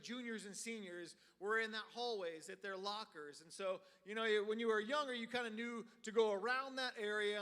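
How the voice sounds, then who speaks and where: A man preaching a storytelling sermon in a church, animated and full of filler words. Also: very high voice. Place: church sanctuary. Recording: reverberant hall.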